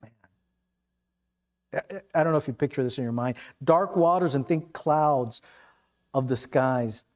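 A middle-aged male pastor preaching a conversational, impassioned sermon, swinging from loud declarations to hushed asides. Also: mid-range voice, unhurried, pauses often.

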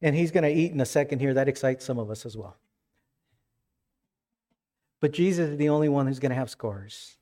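Animated man preaching a sermon. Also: a little fast, long pauses. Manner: animated, rises in pitch when retelling scenes. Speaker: pastor.

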